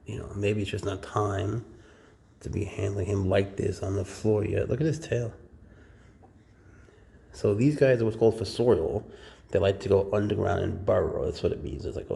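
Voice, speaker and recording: Gravelly low-voiced man showing snakes. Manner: relaxed, rambling, talks to his snakes. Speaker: reptile keeper. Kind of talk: casual educational vlog. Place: warm indoor room with high ceilings.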